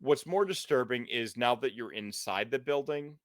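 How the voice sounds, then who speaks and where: A man's voice: mid-range voice, normal speed, no echo, studio quality. A man narrating as game master in a tabletop role-playing game, loose and full of "like"s. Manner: loose, filler-heavy narration with "like".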